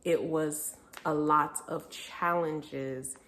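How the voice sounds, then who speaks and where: A woman's voice: deep voice, steady tone, very slow, a bit bright. A young woman vlogger telling a personal story in a candid, reflective way, now and then laughing through hard memories. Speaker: vlogger, mother. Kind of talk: casual personal storytelling to camera.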